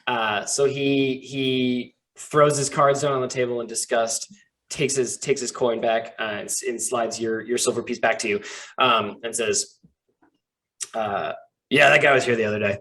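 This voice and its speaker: A man at a middle pitch runs the table as game master. He narrates loosely and rambles through scenes, full of fillers and restarts. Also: little pitch movement, a little slow, a bit bright.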